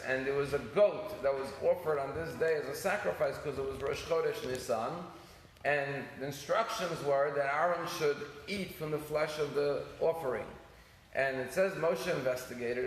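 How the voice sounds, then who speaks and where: A man, a rabbi, giving a sermon and telling stories, acting out the dialogue with shifts in pitch. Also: fairly bright tone. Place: synagogue hall. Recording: echoey hall with some noise.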